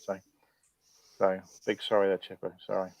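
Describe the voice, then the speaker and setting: A man's voice: low voice, completely flat delivery, moderate pace, vocal fry, a little mellow, no echo, highs cut off. A man rambling and apologising often as host of a toy collectors' live stream. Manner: apologetic, self-deprecating, rambling. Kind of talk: casual chat.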